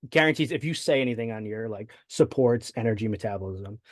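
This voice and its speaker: A man's voice: medium pitch, quick pace, no echo. Man, sports dietitian guest, podcast interview, explanatory, dry close sound. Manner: explanatory, with frequent "right?" tags and fillers.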